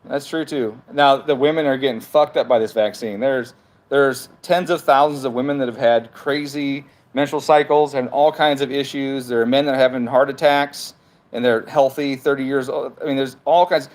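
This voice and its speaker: A man hosting a livestream at home reads out what his viewers write and retorts, swearing and arguing throughout. His mid-pitched voice stays steady at a moderate pace as the casual rant heats up.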